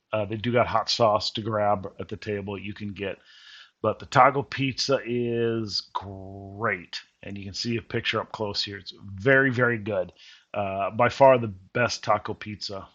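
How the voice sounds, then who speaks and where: A man's voice: medium pitch, fairly bright tone. Folksy man, lo-fi. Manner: rambling, folksy, self-correcting. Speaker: vlogger. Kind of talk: casual voice-over narration. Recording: dull lo-fi recording.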